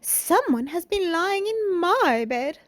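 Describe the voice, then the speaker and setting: A woman's voice: very high voice, very animated, slow, no room sound, studio quality, pitched above the performer's own voice, full character voice. Prim mother bear, as a woman puts her on. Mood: indignant. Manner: raised middle-sized voice.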